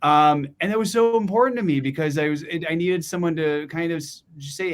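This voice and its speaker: A middle-aged man, a TV news reporter, speaking on a panel in a reflective, earnest way with halting restarts. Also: on the high side. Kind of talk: casual panel discussion.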